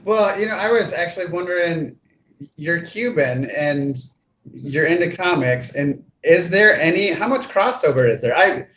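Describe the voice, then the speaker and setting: A man on a video call asking halting, hesitant questions as a panelist in a casual chat. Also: on the high side, animated, fairly bright tone, slight background noise. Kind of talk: casual live-stream chat. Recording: dull roomy video call.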